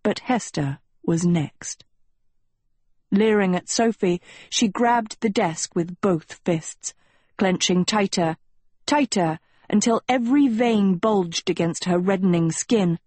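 A woman narrating an audiobook in a measured storytelling manner. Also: medium pitch, mellow, slightly rough, no room sound.

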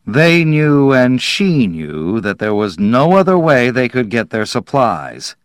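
A male audiobook narrator with a lowish voice and a measured, deliberate delivery. He reads very slowly, recorded close in a dry booth with no room sound. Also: clear, resonant tone, no echo.

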